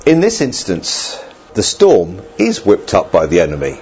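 Animated preacher, husky voice. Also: male voice, sits low, measured pace, muffled recording. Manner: conversational, animated preaching with asides to the congregation. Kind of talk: sermon.

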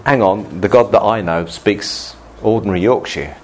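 A male pastor giving a relaxed, good-humoured sermon to his congregation, often laughing and restarting his sentences. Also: on the low side, moderate pace, crowd noise.

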